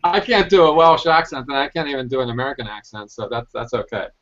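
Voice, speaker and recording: Man in casual hobby chat, halting and rambling, mid pitch, dull lo-fi call audio. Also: lively intonation, fairly bright tone, a little hiss or hum. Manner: rambling, halting with many fillers and restarts. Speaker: hobbyist scale modeler on a video hangout. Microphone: video call.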